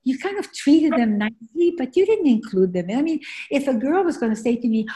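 This woman, an author being interviewed, speaks French as her first language and comes from Argentina. She sounds high, very animated and a little fast, with a dark tone, and tells her story earnestly while leaning on fillers.

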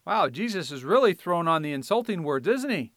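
A man preaching a sermon, swinging from quiet explanation to loud, fiery scripture reading. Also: a little high, sing-song, a little fast, dry recording, clean studio sound.

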